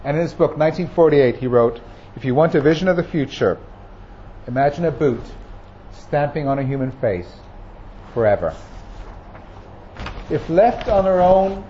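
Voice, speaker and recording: A man's voice: on the high side, a little mellow. A man preaching a sermon as pastor, earnest and emphatic, building points through repetition. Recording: muffled recording with faint noise.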